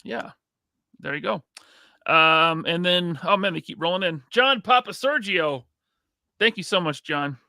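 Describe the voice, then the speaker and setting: A man's voice: sits high, measured pace, vocal fry, sharp tone, dry recording, clean studio sound. A male podcast host in casual live chat, joking and reading viewer comments aloud.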